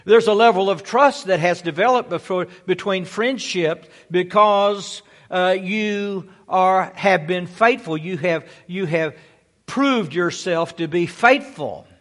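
A man's voice: sits high, takes it slowly, fairly bright tone. A male pastor preaching a folksy sermon in a church, sprinkling his talk with amens and praise Gods. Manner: folksy, peppers speech with amen and praise God.

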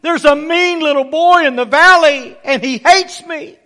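A man's voice: very high voice, measured pace, sharp tone, big-room sound, pitched above the performer's own voice, full character voice. A preacher voicing a frightened little boy who calls to his mother in a raised, childlike voice. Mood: scared.

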